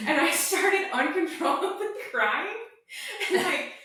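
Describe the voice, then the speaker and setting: A woman's voice: very high-pitched, slow pace. A woman co-hosting a podcast, telling funny personal stories with lots of giggling in casual chat. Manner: expressive, giggly storytelling. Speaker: podcast co-host. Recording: echoey room, distant mic.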